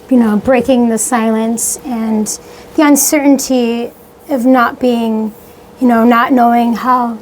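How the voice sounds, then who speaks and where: A woman musician answering a radio interviewer, halting and filling her sentences with many "you know"s. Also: on the high side, darkish tone, slight background noise, low-quality recording. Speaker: guest musician. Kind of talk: casual radio interview chat.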